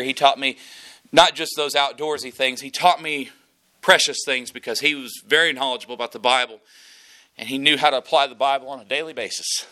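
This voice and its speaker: A man preaching a sermon, earnest and repetitive, building to loud emphasis. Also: medium pitch. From South Mississippi, US. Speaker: pastor.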